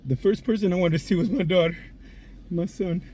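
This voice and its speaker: A man's voice: high-pitched, fairly quick, dark tone, a little hiss or hum. A man in his forties hosting a confessional vlog from inside a parked car, raw and emotional, swearing freely and choking up as he talks. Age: 40s. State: tearful, choked up. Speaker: vlog host.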